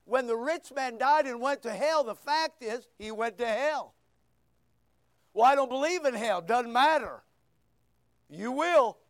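High-voiced, unhurried preaching man. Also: no echo, studio quality. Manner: animated preaching, acts out quoted voices. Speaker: pastor. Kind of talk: sermon.

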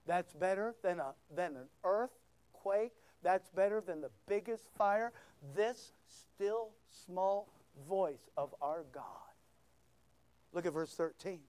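An older man in his sixties preaching a sermon, swinging from loud shouts down to near-whispers and repeating words for emphasis. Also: high voice, slow, clear, resonant tone, no echo. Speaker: pastor.

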